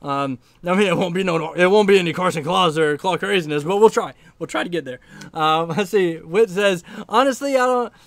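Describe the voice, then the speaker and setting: A man's voice: high-pitched, a little fast, no echo. A man in his thirties hosting a casual livestream, reading out chat and telling stories with frequent laughs and fillers. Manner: animated storyteller, laughs often, many fillers.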